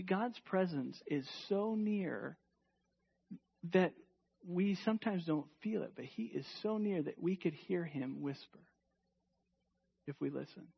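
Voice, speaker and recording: Gravelly, slow-preaching man. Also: fairly high pitch, highs cut off. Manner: emphatic preaching with rhetorical questions, drops to a hush. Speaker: pastor. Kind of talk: sermon.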